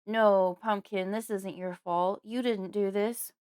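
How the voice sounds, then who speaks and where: A woman's voice: medium pitch, fairly even intonation, slow, smooth, lightly acted. A woman voicing a worried father who comforts his daughter and calls out desperately in an audiobook. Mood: anxious. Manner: pleading, loud calls. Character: worried grieving father, tender then desperate. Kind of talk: audiobook character voice.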